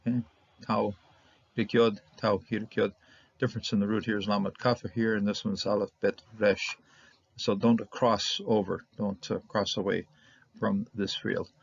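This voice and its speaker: A low-voiced man with a gravelly edge teaches Hebrew grammar in a loose, rambling way, repeating words and chuckling often. The recording sounds dull and lo-fi. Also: level tone, moderate pace. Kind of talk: casual Bible language lesson.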